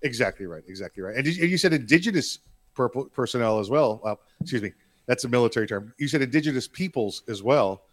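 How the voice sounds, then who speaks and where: A man's voice: medium pitch, animated, quick pace. A man co-hosting a casual podcast, joking around and hesitating with many fillers. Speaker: podcast co-host.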